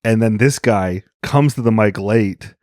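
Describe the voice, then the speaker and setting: A male comedian telling stories in a casual podcast chat, blunt and animated, often acting out other people's voices. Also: lowish voice, unhurried, dry recording, clean studio sound.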